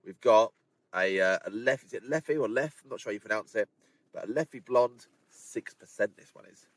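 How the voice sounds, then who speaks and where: This hiking vlogger has a lowish voice and a moderate pace, and the recording is dry. Camped on windy hills, he talks casually to the camera, speaking directly to viewers with laid-back asides.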